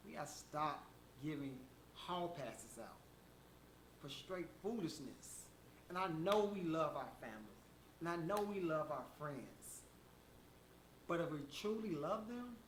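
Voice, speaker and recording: A man with a fairly high voice delivers a motivational monologue, speaking emphatically and addressing listeners directly. The room is echoey, with a faint hum of ambience behind him. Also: a bit bright.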